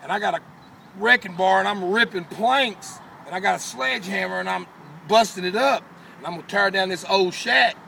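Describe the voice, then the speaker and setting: A man's voice: high-pitched, normal speed, creaky, exaggerated voice. A man voicing a short, injured man groaning in pain, recorded from far away outdoors with traffic noise. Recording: far from mic, loud street and car noise.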